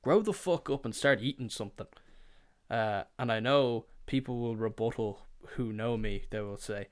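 A man's voice: medium pitch, moderate pace. A young man hosting a podcast, telling rambling, sweary comedic stories and slipping into put-on voices. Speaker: podcast host. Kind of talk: casual comedic storytelling.

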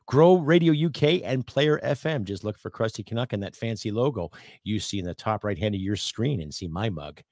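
Middle-aged Canadian man, podcast host, low and dry; blunt profane rant with loud bursts and muttered asides. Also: lively intonation, a little fast, hardly any pauses, no room sound. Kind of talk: opinionated rant.

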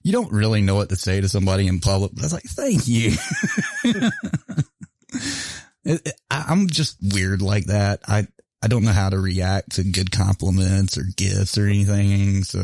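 A man's voice: sits low, moderate pace, creaky, long pauses, a little mellow, no room sound. A man hosting a casual talk show, laughing often and swearing casually, with stories and a store plug. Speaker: podcast host. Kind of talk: casual chat with ad read.

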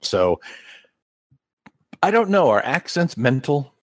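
Male podcast co-host, comics buff, lively and knowing, dry mic. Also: mid-range voice, slow pace, no room sound. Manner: knowledgeable, trivia-heavy, animated. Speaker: comic book reviewer. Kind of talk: casual podcast chat.

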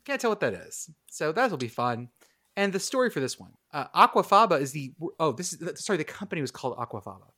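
A man hosting a casual podcast chat, playful and deadpan. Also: fairly high pitch, fast talker. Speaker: podcast host.

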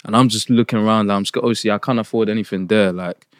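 A young man from Nigeria co-hosting a podcast, telling stories in animated, slangy casual chat. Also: lowish voice, fast, dry recording. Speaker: podcast co-host.

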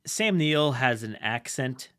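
A podcast host with a medium-pitched, pushed and bright voice talks slowly but animatedly. He chats casually, laughs often, and restarts a lot.

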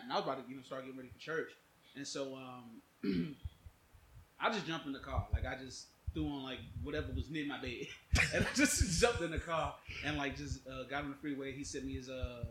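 A young man telling a story on a podcast in an animated way, laughing as he goes. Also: mid-range voice, fairly quick, roomy sound, a little hiss or hum, rough recording. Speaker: podcast co-host. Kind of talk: casual chat.

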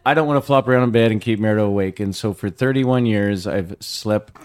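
A middle-aged man hosting a podcast, telling a story casually with lots of swearing and shouted quotes. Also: fairly low pitch, brisk. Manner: profane, animated storyteller who shouts quoted lines. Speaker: podcast host.

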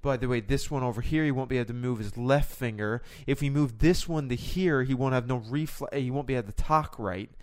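Casual podcast bit: a guy doing a careless surgeon in a put-on accent, rattling off dire warnings offhand, crisp close dry sound. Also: medium pitch, a little fast, few pauses, a little mellow, no room sound, natural voice. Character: rambling careless male surgeon teaching a trainee.

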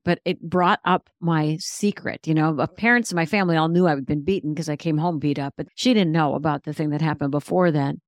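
A woman's voice: low voice, dry recording, clean studio sound. A middle-aged woman, a guest author and speaker, giving a personal faith testimony in an earnest, reflective way.

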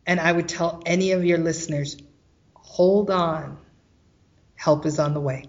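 Animated woman telling a personal story. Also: low-pitched, measured pace, dull audio. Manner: animated, acts out quoted voices. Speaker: guest.

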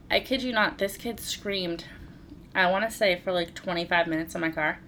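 A woman's voice: fairly low pitch, expressive, a little fast, sharp tone, slight background noise. A woman in her thirties, co-hosting a podcast, telling a story in casual chat with laughs and swearing. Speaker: podcast co-host.

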